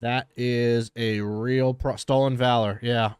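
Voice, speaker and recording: A man's voice: medium pitch, flat delivery, takes it slowly, clear, resonant tone, no room sound, clean studio sound. A man streaming a reaction to a TV episode, joking and riffing casually as he talks to his chat.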